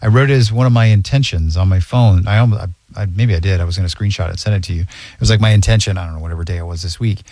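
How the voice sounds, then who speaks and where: Low-voiced guy talking earnestly on a podcast, dry audio. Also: racing, few pauses, warm tone, dry recording. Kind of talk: casual conversation.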